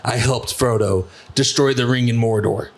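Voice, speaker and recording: A man's voice: mid-range voice, moderate pace. A young man hosting a podcast, telling stories in a rambling, profane way full of fillers. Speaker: podcast host. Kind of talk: casual podcast chat.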